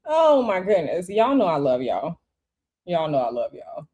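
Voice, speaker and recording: A woman's voice: deep voice, very animated, slow, long pauses, dark tone, husky. Chatty woman livestreaming tarot. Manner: chatty, repeats herself, talks straight to viewers. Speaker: tarot reader and livestream host. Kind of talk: casual livestream chat. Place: hotel room.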